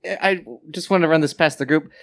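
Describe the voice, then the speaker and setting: A man's voice: fairly high pitch, fast talker, fairly bright tone. A man hosting a casual chat with friends, joking, swearing and laughing often. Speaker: podcast host.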